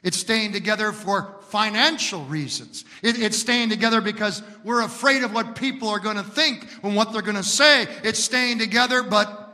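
A male pastor preaching an emphatic sermon built on repeated lines, moving from shouts down to hushed words. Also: sits high, normal speed, long reverb tail.

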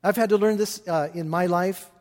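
Earnest higher-voiced preacher in a reverberant hall. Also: male voice, fairly even intonation, a little mellow. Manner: earnest, halting with repeated restarts and fillers. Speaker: pastor. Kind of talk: sermon.

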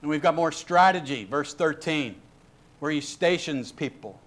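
Man preaching a sermon, pushes hard on the big lines, kinda high voice. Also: expressive, normal speed, a bit bright. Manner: emphatic, rising to exhortation. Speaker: pastor.

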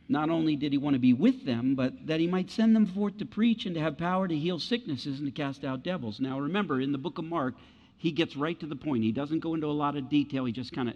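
A man's voice: medium pitch, a little mellow. A male pastor preaching a conversational sermon, acting out the voices of doubters and of Jesus. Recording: muffled sound with long hall reverb.

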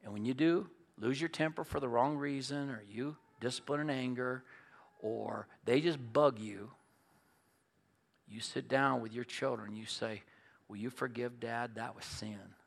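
A middle-aged man preaching a sermon as pastor, folksy and storytelling, moving between loud emphatic points and quiet earnest asides. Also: mid-range voice, a little slow, gravelly.

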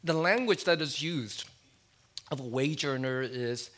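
A man preaching a sermon in a conversational way, asking his listeners questions and dropping low and quiet on key words. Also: unhurried. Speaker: pastor.

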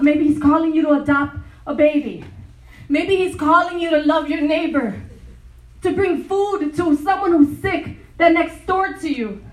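High-voiced woman preaching in an echoey hall. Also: a little slow, far from the mic. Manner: animated storytelling, laughing often. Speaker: retreat speaker. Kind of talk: sermon. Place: large hall.

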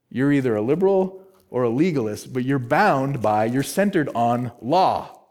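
A man's voice: mid-range voice, animated, moderate pace, darkish tone. A male pastor preaching an expository sermon, emphatic, repeating key words and asking rhetorical questions.

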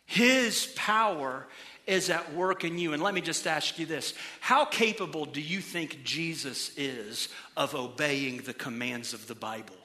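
A middle-aged male pastor giving an animated sermon in a church, moving between quiet emphasis and loud bursts. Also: fairly high pitch, measured pace. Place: church auditorium.

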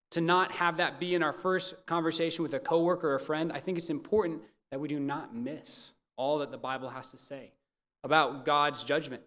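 A man preaching a sermon as pastor, earnest and measured, putting questions to the congregation. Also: fairly high pitch, a bit bright.

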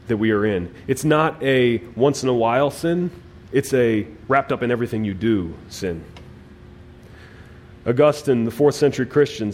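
Man, pastor, sermon, mid-pitched voice, emphatic, loud-and-soft swings, repeated restarts. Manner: emphatic, with dynamic swings between loud and quiet phrases; repeats words as he restarts phrases.

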